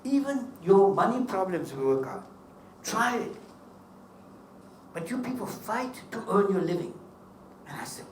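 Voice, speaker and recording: In a hotel seminar hall, a man with a high, sing-song voice tells humorous stories with emphatic delivery, taking a measured pace with long pauses. The recording is echoey, with the mic at a distance and slight background noise.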